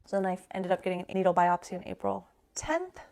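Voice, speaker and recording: A woman in her thirties telling a personal story in a rapid, conversational way, full of "like" fillers. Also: mid-range voice, expressive, creaky, a little mellow, a little hiss or hum.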